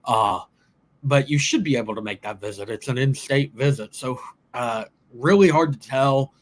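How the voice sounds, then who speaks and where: A man's voice: mid-range voice, moderate pace. A young man, co-hosting a casual college football recruiting chat, rambling with many restarts and fillers. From Oklahoma.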